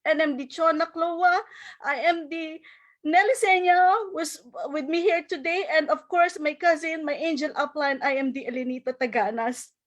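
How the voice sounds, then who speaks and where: A woman's voice: high-pitched, moderate pace. A middle-aged woman giving an emotional, grateful recognition speech from home, now and then tearing up and laughing through it. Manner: tearful, grateful, breaks into laughter.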